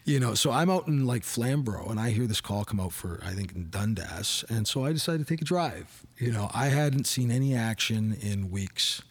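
Middle-aged man, podcast host, low and slightly husky, loose chatty storyteller who leans on fillers. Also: animated, normal speed, few pauses, dry recording. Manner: rambling, filler-heavy, with frequent "you know". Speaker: podcast host and former police officer. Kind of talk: casual storytelling chat.

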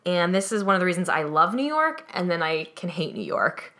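On the low side and brisk, this young adult woman's voice carries a story she tells while co-hosting a podcast. The chat is casual, and she acts out everyone she quotes with lively flair.

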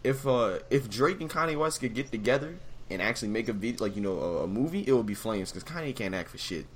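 A man's voice: mid-range voice, lively intonation, fast, a little hiss or hum. A man hosting a casual online stream, rambling and swearing as he chats. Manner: rambling, laughs often, swears. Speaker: host.

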